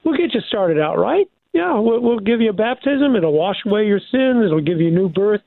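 A man's voice: high voice, big pitch swings, normal speed, vocal fry, no room sound, voice pushed up, full character voice. A man voicing God as a generous heavenly father who keeps adding gifts, in a folksy, eager manner over a phone line. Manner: folksy, eager, piling on offers.

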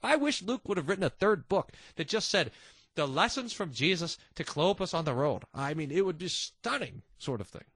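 A man with a husky, somewhat high voice teaches a Bible passage conversationally. His pitch swings widely as he drops chuckling, delighted asides. The sound is close and dry. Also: expressive, moderate pace, a bit bright, no echo.

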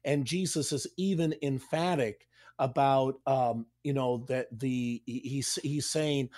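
A middle-aged man speaks as a pastor leading a Bible study discussion. His delivery is emphatic and explanatory, circling back with restarts as he presses each point home. His voice sits at an ordinary pitch for a man. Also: steady tone, takes it slowly, darkish tone.

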